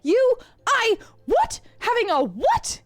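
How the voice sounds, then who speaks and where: A woman voicing a young female scientist who scolds urgently and loudly. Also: high-pitched, expressive, a little fast, dry recording, soft background music, pitched above the performer's own voice. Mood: panicked.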